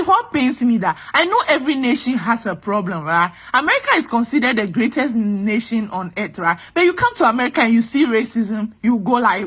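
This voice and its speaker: A woman's voice: fairly high pitch, very animated, moderate pace, hardly any pauses, a bit bright, breathy edge. A woman from Ghana with a Ghanaian accent, speaking in an angry, impassioned vlog rant and repeating her points with emphasis. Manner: exasperated, emphatic, repeats herself. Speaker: vlogger.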